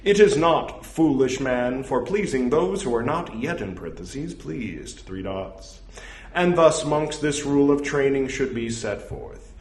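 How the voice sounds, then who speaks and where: Slow, lively-pitched man reading scripture. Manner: reads quotation marks and parentheses aloud, joking asides. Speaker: scripture reader. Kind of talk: reading a religious text with casual asides. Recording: echoey room.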